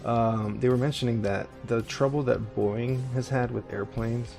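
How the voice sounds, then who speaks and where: A man's voice: medium pitch, fairly even intonation, normal speed, vocal fry, darkish tone, faint music behind. A man co-hosting a radio show, chatting casually and rambling with lots of fillers, restarts and swearing. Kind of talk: casual chat.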